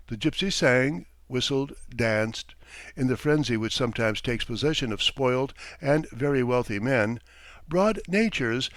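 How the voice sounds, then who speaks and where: A man narrating a classic short story as an audiobook reader, in an even, unhurried way. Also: medium pitch, no room sound. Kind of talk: scripted narration.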